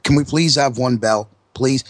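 A man co-hosting an internet radio show, griping in casual, profane wrestling talk, sometimes dropping to hushed asides. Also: mid-range voice, moderate pace, no room sound. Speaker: podcast co-host.

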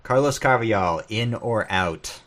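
A deep-voiced New man, dry. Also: animated, unhurried, a bit bright. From New England. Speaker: podcast co-host. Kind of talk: casual podcast chat.

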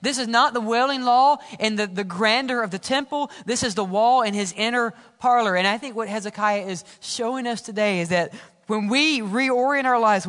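A man preaching a sermon as pastor, swinging from loud exclamations to hushed, quiet lines. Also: sits high. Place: church sanctuary. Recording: church hall reverb.

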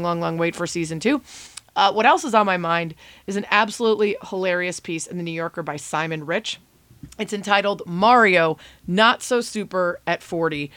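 A woman's voice: on the low side, fairly bright tone, no room sound. A woman in her thirties hosting her own podcast, talking in a chatty, self-deprecating and enthusiastic way. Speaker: podcast host. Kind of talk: casual solo podcast segment.

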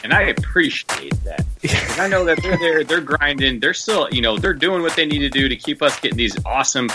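A man chatting on a podcast panel with a very animated, swooping voice, playful and teasing. He joins over a video call, with music clearly audible behind him. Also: a little high, brisk. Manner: playful, hype-man ad reading. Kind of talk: casual podcast chat.

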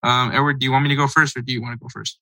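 A man's voice: mid-range voice, little pitch movement, very fast, pushed and bright, dry recording, poor audio. A man hosting a casual sports podcast, talking in a loose, rambling, conversational way. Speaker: podcast host.

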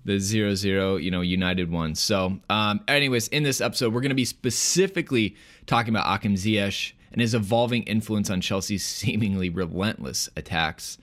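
A man's voice: fairly low pitch, brisk, hardly any pauses, fairly bright tone. A man hosting a casual podcast chat, leading the talk and laughing easily. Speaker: podcast host.

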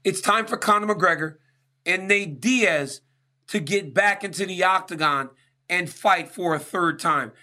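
High, bright-voiced male sports show host. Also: a little slow. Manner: emphatic, keeps asking listeners "right?". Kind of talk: sports talk monologue.

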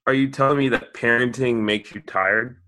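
A man's voice: mid-range voice, fairly even intonation, normal speed, bright, forceful tone. A man co-hosting a casual sports podcast, teasing and wry. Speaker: podcast co-host.

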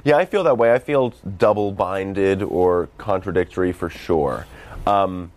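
A man's voice: sits low, unhurried, a little mellow. A young man in his twenties with a light Boston accent, rambling and self-deprecating as a guest in a casual interview. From Massachusetts, USA. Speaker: film director and comedian guest.

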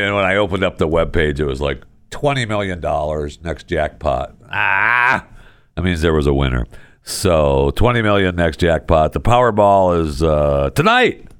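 A man hosting a podcast, telling news stories in casual solo commentary with a sarcastic, animated manner. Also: dry recording. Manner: sarcastic, animated storytelling with big pitch jumps. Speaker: podcast host.

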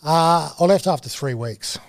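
Male guest, animated storyteller, slang-heavy, dry close mic. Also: a little high, unhurried, vocal fry, no echo. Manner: animated, slangy, swings into excited quoting. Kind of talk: casual storytelling.

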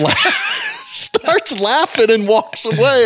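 A man's voice: high-pitched, unhurried, dry recording. A former ballplayer telling stories in casual chat, acting out quotes and laughing as he goes. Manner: animated, acts out quotes with laughs.

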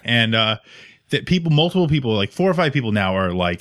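Here a podcast co-host speaks quickly at medium pitch, with clean studio sound and no room reverb. He's an animated storyteller who acts out the quoted lines during casual conversation.

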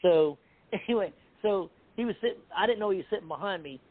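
A middle-aged man with a fairly high voice tells an embarrassing story in a casual chat. He laughs often and acts out the lines of the people in it. The sound is thin and tinny, like a phone line. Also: fast talker, no room sound. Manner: animated, laughing, acts out quotes.

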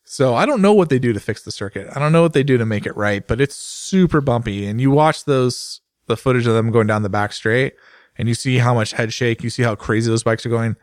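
A man, a motorsport journalist, chatting casually on a podcast and telling rambling, animated stories full of fillers. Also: medium pitch, a little fast, no room sound, studio quality.

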